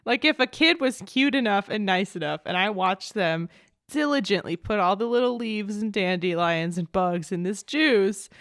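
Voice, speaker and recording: A woman's voice: mid-range voice, expressive, moderate pace, fairly bright tone, no room sound, studio quality. A young woman co-hosting a podcast in casual chat, playful and giggly, often acting out silly scenes. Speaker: podcast co-host.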